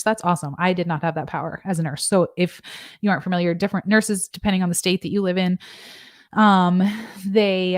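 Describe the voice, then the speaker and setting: A young woman nurse practitioner talks through guidelines on a casual livestream, joking with asides and reading out viewer comments. Her voice sits a little low for a woman. The sound is dry and close, with no room echo. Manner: chatty and joking, with asides and fillers. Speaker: nurse practitioner and channel host.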